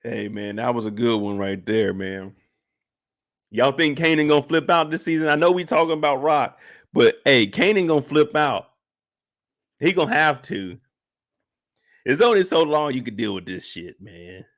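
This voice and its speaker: A man hosts a live after-show and recaps the episode in loose, slangy talk. His voice has a gravelly rasp, and he leans hard on his points. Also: mid-range voice, animated, normal speed, long pauses, a bit bright. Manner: casual, slangy, emphatic. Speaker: show host.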